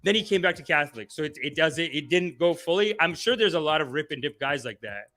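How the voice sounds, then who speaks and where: A man's voice: fairly high pitch, animated, fast, bright, forceful tone. A man hosting a livestream as a comedian, rambling through tangents, joking around and reading viewer comments aloud. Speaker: comedian and show host.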